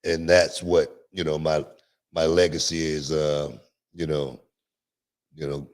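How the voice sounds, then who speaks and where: A middle-aged man with a very deep, low voice tells stories on a podcast. He talks in a relaxed, repetitive way, loops back on his phrases and breaks into laughs often. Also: slow. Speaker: podcast host and wrestling promoter. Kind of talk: casual podcast storytelling. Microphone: podcast microphone, remote stream.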